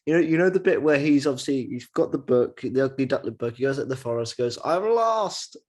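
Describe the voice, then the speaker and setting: A man's voice: mid-range voice, steady tone, quick pace, a little mellow. A man hosting a casual film podcast, rambling and laughing often as he talks. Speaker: podcast host. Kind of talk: casual chat.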